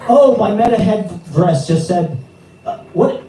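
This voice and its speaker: A man's voice: high-pitched, expressive, unhurried, distant mic, background noise. A man hosting an open mic night at a bar, joking around and hyping up the crowd. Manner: joking, loud and playful. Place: bar with a live audience. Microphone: stage microphone. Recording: echoey room from off-mic, music behind.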